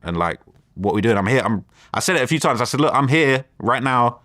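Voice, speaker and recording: A man with a London accent, an interview guest, retelling a tense encounter in a rambling, animated way. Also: medium pitch, a little fast, no echo, clean studio sound. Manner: rambling, animated retelling with quoted back-and-forth. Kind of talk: casual storytelling interview.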